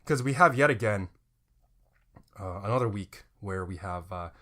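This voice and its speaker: A man's voice: on the low side, lively intonation, moderate pace, bright, forceful tone. A man co-hosting a comedy podcast in casual chat, rambling, repeating himself and pleading with listeners. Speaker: podcast co-host.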